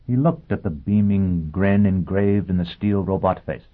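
A man narrates an audiobook in a measured, dramatic way. His voice is fairly low with a husky edge. The recording is thin and tinny, like a phone line. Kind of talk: scripted narration.

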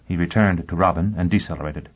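A male narrator reads a novel aloud in a steady, even storytelling manner. His voice sits fairly low, and the recording sounds dull and lo-fi. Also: fast, husky. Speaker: audiobook narrator. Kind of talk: scripted narration. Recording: dull lo-fi audio.

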